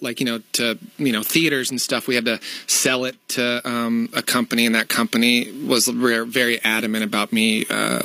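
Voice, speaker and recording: A man's voice: medium pitch, bright, forceful tone, no room sound, low-quality recording. A man guesting on a local radio show, telling stories in a loose, rambling, self-deprecating way and laughing often. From Outer Banks of North Carolina. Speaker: filmmaker guest. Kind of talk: casual radio interview.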